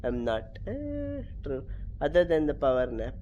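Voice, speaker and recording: A young man chatting casually on a game stream, animated and teasing. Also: fairly high pitch, measured pace, muffled recording, slight background noise. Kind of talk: casual gaming stream chat.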